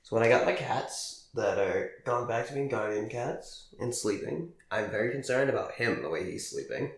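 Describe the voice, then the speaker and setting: A man's voice: lowish voice, moderate pace. A young man co-hosting a podcast in casual chat, telling stories animatedly and swearing freely. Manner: animated storyteller acting out dialogue, swears freely. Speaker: podcast co-host. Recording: echoey room.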